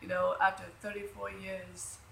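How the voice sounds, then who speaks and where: A woman's voice: mid-range voice, monotone, moderate pace, vocal fry, a bit bright. A woman in her thirties telling a personal story on her vlog in a rambling, emotional way, full of fillers and restarts. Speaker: vlogger. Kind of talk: casual storytelling. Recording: echoey room with faint noise.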